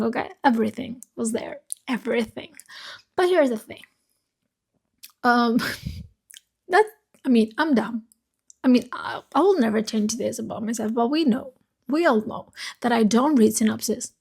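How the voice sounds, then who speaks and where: A woman's voice: fairly high pitch, normal speed, gravelly, pauses often, breathy edge. A woman book vlogger chatting casually about her week's reads, rambling and swearing freely, recorded on a phone. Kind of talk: casual chat about books.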